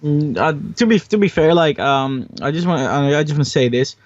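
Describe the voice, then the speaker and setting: A man's voice: a little high, lively intonation, brisk, no echo. Young man on a dull dry mic. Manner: hesitant, many fillers and restarts, opinionated. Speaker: podcast host. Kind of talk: casual podcast chat.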